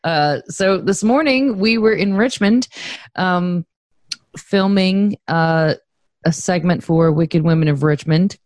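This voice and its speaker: A woman's voice: fairly low pitch, slow, darkish tone, no echo. A woman co-hosting a podcast in casual chat, rambling and chatty as she promotes her project. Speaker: podcast co-host.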